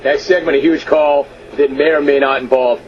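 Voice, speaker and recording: A man hosting a radio sports talk show, reading listener emails aloud with amused disbelief and drawn-out emphasis. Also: on the high side, fairly even intonation, lo-fi sound, faint music behind. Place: radio studio.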